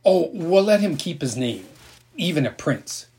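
A man voicing a lively, imaginative young girl who talks in a playful, grand make-believe way. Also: fairly high pitch, a little slow, voice pushed up.

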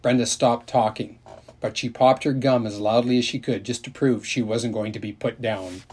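A man reading a children's novel aloud in a steady, unhurried storytelling manner, with a husky voice. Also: mid-range voice. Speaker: narrator.

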